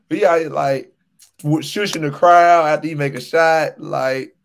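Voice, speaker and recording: A man's voice: on the high side, a little slow, creaky. A young man co-hosting a casual sports podcast, ranting animatedly and repeating his points for emphasis. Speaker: podcast co-host.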